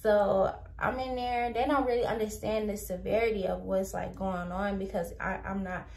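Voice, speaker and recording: A young woman tells a storytime vlog in an animated rush, full of "like" and "I'm like." Her voice sits at a middle pitch. The room around her is echoey. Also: normal speed, vocal fry, far from the mic. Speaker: vlogger.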